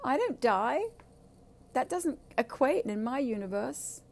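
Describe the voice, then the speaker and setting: A woman's voice: sits high, sing-song, slow, vocal fry, darkish tone, voice pushed up, heavily acted. A woman putting on the voice of a proud, dying tech mogul who speaks defiantly and boastfully.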